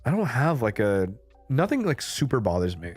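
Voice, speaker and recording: A man's voice: mid-range voice, big pitch swings, moderate pace, husky. A man streaming a casual chat, laid-back and swearing casually, with faint music behind him. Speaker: VTuber streamer.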